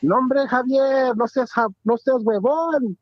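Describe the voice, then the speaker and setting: A man's voice: very high voice, a little slow, dry recording. A man prank-calling a radio show, putting on a rowdy, swearing young Mexican man over a phone line. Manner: loud goofy prank voice. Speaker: prank caller.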